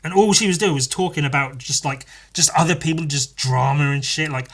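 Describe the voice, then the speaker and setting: A man's voice: fairly high pitch, brisk. A young man hosting a podcast, telling stories in a sweary, sardonic way with frequent laughs. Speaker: podcast host. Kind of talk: casual storytelling monologue.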